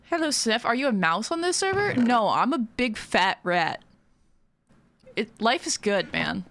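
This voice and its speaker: Brief: chatty woman game streamer, lively swooping delivery, giggles often, talks straight to chat. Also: fairly high pitch, a little slow, gravelly, no room sound. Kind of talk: casual livestream chat while playing.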